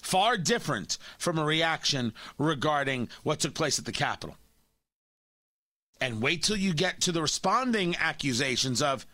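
A man's voice: high voice, bright, forceful tone, no room sound. A man hosting a talk radio show, giving opinionated, mocking commentary from a studio microphone.

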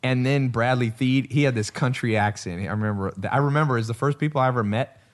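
A man's voice: mid-range voice, fast. Blunt, emphatic man in casual talk. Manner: blunt, emphatic, swears, laughs often. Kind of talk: casual conversation.

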